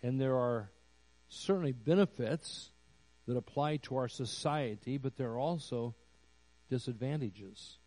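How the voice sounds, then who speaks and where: A pastor preaching a sermon slowly and deliberately, building to emphatic raised phrases. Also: male voice, medium pitch, warm tone, dry recording, poor audio. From United States. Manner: slow, deliberate preaching with rising emphatic peaks.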